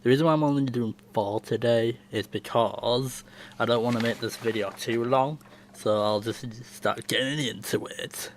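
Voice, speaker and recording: A man's voice: medium pitch, normal speed, slight background noise. A young man casually answering viewer questions on his channel, talking in a chatty, rambling way and often laughing. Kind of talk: casual Q&A chat.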